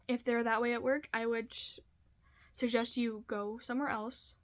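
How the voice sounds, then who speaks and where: A woman's voice: fairly high pitch, rough recording. A young woman talking casually to her viewers in a motivational vlog, earnest and chatty, repeating her points for emphasis. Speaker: vlogger. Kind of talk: casual motivational talk to camera.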